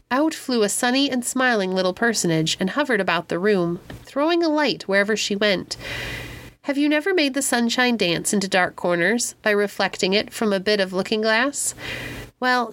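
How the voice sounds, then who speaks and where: A woman narrating a classic children's story in a gentle, expressive reading voice. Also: mid-range voice. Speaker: audiobook narrator.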